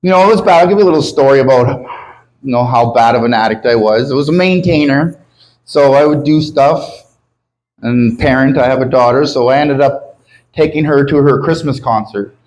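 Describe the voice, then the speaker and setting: A man's voice: mid-range voice, normal speed, darkish tone, low-quality recording. A man from Canada doing a stand-up comedy set, crude and self-mocking, swearing often as he jokes about his city and his sobriety. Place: comedy club stage with a live audience.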